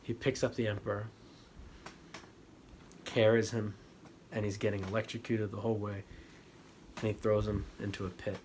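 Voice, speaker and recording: A man giving a spiritual talk, retelling a story in an animated, dramatic way that swings from loud to hushed. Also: lowish voice, moderate pace, long pauses. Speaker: spiritual teacher. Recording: steady background noise.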